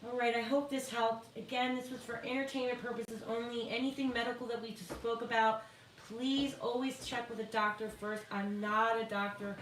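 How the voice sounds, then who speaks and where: A woman reading tarot on a live stream, reading card texts slowly and emphatically and chatting reassuringly with viewers. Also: on the high side, little pitch movement, a bit bright, reverberant, distant mic, slight background noise, rough recording. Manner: reads card texts in a slow, emphatic, motivational tone. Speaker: tarot reader.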